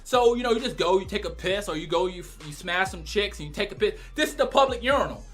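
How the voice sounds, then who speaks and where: A man giving a casual, crude and animated spoken review, often breaking into loud exclamations. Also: high voice, fast, soft background music. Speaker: anime reviewer.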